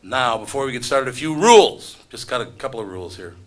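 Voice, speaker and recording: Quick-paced and expressive, a middle-aged man with a mid-range voice emcees a live event before an audience. He's a radio host who keeps the crowd laughing with sarcastic, wry remarks and self-deprecating humor.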